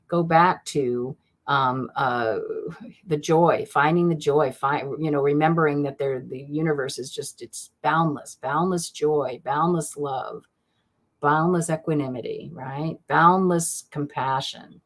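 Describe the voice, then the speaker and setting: A woman's voice: sits low, unhurried. A woman hosting a live stream of card readings, talking in a chatty, gushing way with lots of fillers and restarts.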